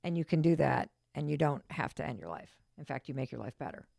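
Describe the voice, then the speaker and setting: Middle-aged woman, podcast host, deep, emphatic and reassuring, dry sound. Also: lively intonation, fast talker, vocal fry, warm tone, no room sound. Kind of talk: casual podcast conversation.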